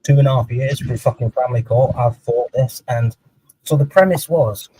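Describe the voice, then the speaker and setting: A man's voice: medium pitch, moderate pace, warm tone, slight background noise, low-quality recording. A young man telling a personal story in a candid, sweary casual chat. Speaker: livestream guest.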